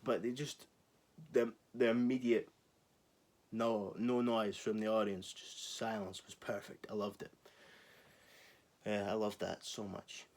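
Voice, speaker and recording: Guy in his 20s ranting at the camera, kinda low voice, sarcastic, swears a lot. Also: level tone, measured pace, a little mellow. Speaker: channel host. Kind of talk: casual ranting monologue to camera.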